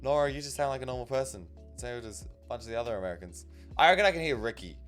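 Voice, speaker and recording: A man's voice: mid-range voice, racing, soft background music. A man with an Australian accent hosting a live stream, chatting casually and reading out viewer comments. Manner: chatty, reads out viewer comments, lively swings in loudness. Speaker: stream host.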